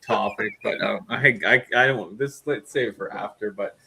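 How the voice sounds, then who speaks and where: A man's voice: lowish voice, moderate pace, gravelly, noisy background. A man hosting a livestream on a video call, joking in loose, rambling casual chat. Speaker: livestream host.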